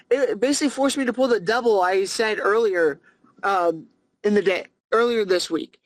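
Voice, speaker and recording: A young adult podcast host, telling a story in a profane, ranting, animated way. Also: medium pitch, moderate pace, no echo, poor audio. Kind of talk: casual comedic storytelling.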